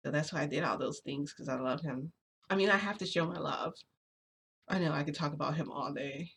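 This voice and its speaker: A vlogger venting casually to viewers, rambling and confessional with lots of restarts and fillers. The voice has a gravelly, creaky edge at a middling pitch. Faint noise hums beneath it. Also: a little fast, fairly bright tone. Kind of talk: casual vlog chat, venting.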